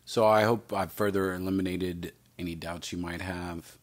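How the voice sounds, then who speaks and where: Low-voiced man teaching math. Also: steady tone, normal speed. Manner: talks through steps with himself, playful asides. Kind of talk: recorded math lesson walkthrough.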